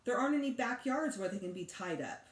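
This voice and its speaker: A teacher reading a children's chapter book aloud with expressive, animated storytelling. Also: female voice, on the high side, fast. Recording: echoey room.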